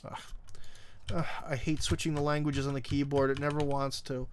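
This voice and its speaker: A man's voice: a little high, level tone, normal speed, a little hiss or hum. A middle-aged man hosting a live stream, chatting casually and reading viewer comments in a rambling, wry way, full of ums and uhs. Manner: wry, teasing.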